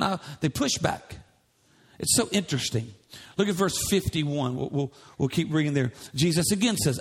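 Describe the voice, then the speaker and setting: A middle-aged pastor preaching a sermon, reading scripture aloud and building in fervor. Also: male voice, on the high side, animated, normal speed.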